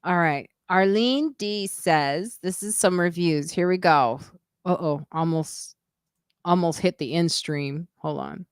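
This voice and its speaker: Woman, low-pitched, dry close sound, chatty live-stream host, emphatic rambling asides. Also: takes it slowly, clear, resonant tone, no room sound. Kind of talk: casual live-stream chat.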